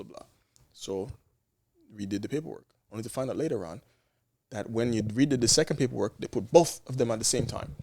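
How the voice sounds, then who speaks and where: A man's voice: medium pitch, quick pace, darkish tone. A man from Canada, a nurse and podcast guest, telling a story in casual chat and acting out quoted exchanges with frequent restarts.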